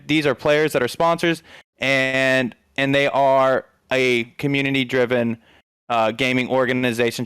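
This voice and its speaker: Smooth-voiced upbeat esports caster, man. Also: mid-range voice, a bit bright, no room sound. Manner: upbeat, chatty, addresses chat directly. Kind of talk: casual esports broadcast commentary.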